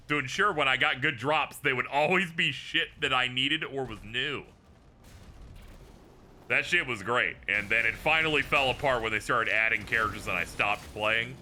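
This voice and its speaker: A man streaming a game, chatting casually with viewers, laughing and swearing as he talks. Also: a little hiss or hum. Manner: animated, swings between squeaky highs and low mutters. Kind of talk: casual gaming stream chat.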